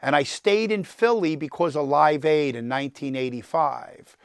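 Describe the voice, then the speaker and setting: A man in his sixties with a gravelly New York accent holds forth in an animated, storytelling lecture and keeps throwing questions out to the class. His voice sits a bit high for a man and sounds close and dry, with no room around it. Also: normal speed, dry recording. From New York, the Bronx. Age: 60s. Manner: talkative, animated, quizzes the audience. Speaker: guest lecturer, entertainment attorney.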